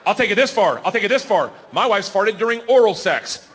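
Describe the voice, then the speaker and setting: A man performing a profane stand-up comedy set on a club stage, telling brash, animated stories into a handheld mic. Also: high voice, fairly quick. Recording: live show with loud crowd laughter and noise.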